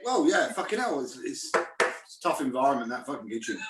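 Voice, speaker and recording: A man's voice: medium pitch, sing-song, a little fast, background noise. A man, a chef, telling kitchen stories on a video call, swearing freely and laughing as he talks. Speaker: guest chef. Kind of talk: casual storytelling on a video call. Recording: echoey room, far from the mic.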